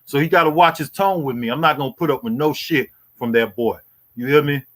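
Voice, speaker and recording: A man in his forties with a higher-pitched, fairly bright voice hosts a boxing YouTube livestream, speaking fairly quickly. He taunts a rival in a profane, repetitive rant, repeating "boy" and "you hear me" again and again.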